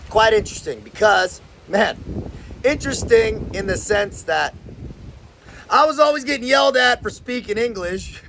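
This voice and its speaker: Brief: a Californian host telling stories in casual slang, rough gravelly tone with a faint hiss behind. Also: male voice, high voice, animated, measured pace, fairly bright tone. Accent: Californian American. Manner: slangy, laid-back, says man and bro a lot. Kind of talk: casual storytelling.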